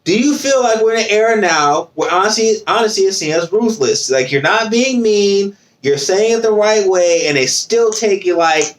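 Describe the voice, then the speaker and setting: A man's voice: sits high, lively intonation, normal speed, hardly any pauses. A man hosting a casual podcast, telling stories with a joking, laughing manner. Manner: laughs often, joking storyteller. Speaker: podcast host.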